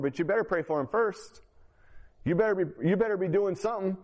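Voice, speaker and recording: A man's voice: high-pitched, brisk, highs cut off. A man giving his testimony as a sermon to a congregation, telling his story earnestly and then urging listeners directly. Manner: direct exhortation to the audience.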